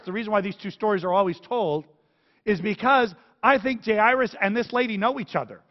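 A man pastor preaching a sermon in an animated, conversational, jokey way. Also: high-pitched, a little fast. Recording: echoey hall, dull sound.

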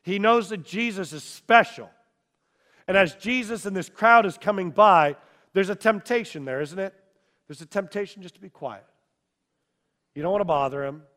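High-voiced preacher in a reverberant hall. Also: male voice. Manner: dramatic storytelling, shifting from hushed to shouting. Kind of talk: sermon.

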